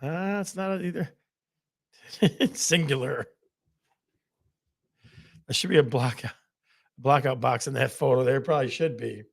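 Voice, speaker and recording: Gravelly man hosting a laughing quiz show. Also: mid-range voice, measured pace, pauses often. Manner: laughs often at his own jokes; game-show countdowns and repeated prompts. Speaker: host.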